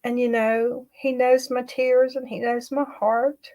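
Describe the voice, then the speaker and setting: A woman, talking into a computer mic on her own livestream. Her voice sits a bit high, and her speech halts, repeats and trails off as she opens up about her life. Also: little pitch movement, warm tone, rough recording. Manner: halting, repeats herself, trails off. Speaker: livestream host. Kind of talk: emotional personal livestream chat.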